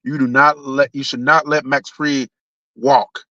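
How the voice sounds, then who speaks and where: A man's voice: medium pitch, little pitch movement, unhurried, bright, forceful tone, no room sound. Man, live-stream rant, dull lo-fi audio, dry close sound. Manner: blunt and profane, with frequent restarts.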